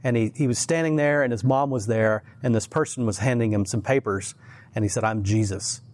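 A man who teaches at church, telling faith stories in an earnest, animated way in a casual conversation, often restarting his sentences. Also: medium pitch, brisk.

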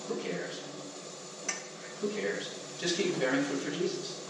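A man preaching a sermon in a lively, conversational way, often asking the congregation questions. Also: fairly high pitch, normal speed, gravelly. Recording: echoey hall from far off, noisy.

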